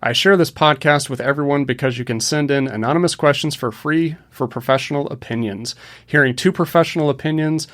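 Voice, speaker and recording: A man's voice: fairly high pitch, a little fast, fairly bright tone. A man co-hosting a counseling podcast who reads reviews evenly and teases his partner drily. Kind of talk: casual podcast chat.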